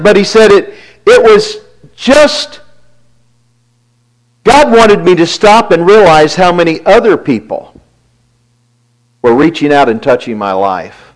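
Slow, earnest man preaching. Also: sits high, animated, poor audio. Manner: earnest, retells friends' words at length; reflective, quiet listing of blessings. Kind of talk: devotional storytelling talk.

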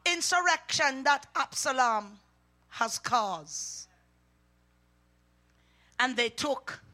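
A woman preaching a sermon, reading scripture and shouting out to the congregation with emphatic calls. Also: sits high.

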